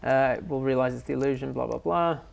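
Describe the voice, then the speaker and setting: A man's voice: medium pitch, fast talker, creaky. Rule-explaining male game master. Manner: explains rules at length with many fillers. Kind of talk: running a tabletop game.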